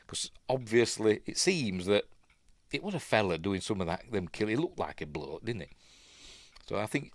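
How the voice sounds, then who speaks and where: Yorkshire male host, low voice, chatty and self-mocking, casual livestream commentary. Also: no echo. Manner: rambling, self-deprecating and chatty. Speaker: film review host.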